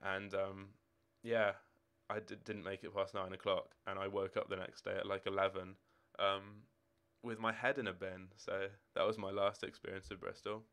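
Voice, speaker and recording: Smooth-voiced young man chatting on stream. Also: low voice, level tone, moderate pace, hardly any pauses, fairly bright tone. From Scotland. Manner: rambling, chatty, answering chat questions as they come. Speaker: game streamer. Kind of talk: casual live-stream chat. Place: home room with football shirts and drawers.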